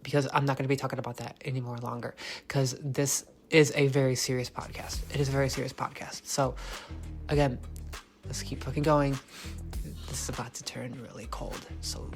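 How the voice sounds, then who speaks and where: A man's voice: mid-range voice, little pitch movement, fairly quick, vocal fry, soft background music. A man hosting a motivational podcast alone, talking intensely, repeating key lines, swearing and sometimes dropping almost to a whisper. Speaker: podcast host.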